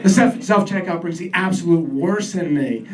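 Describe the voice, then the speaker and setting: A man's voice: high voice, normal speed. A man performing a stand-up set in a comedy club, sardonic and self-deprecating, who gets worked up as he rants. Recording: distant mic with a laughing crowd.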